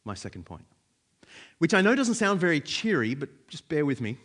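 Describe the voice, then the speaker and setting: A man's voice: fairly high pitch, big pitch swings, normal speed, a bit bright. A man preaching a sermon in a conversational way, with frequent fillers.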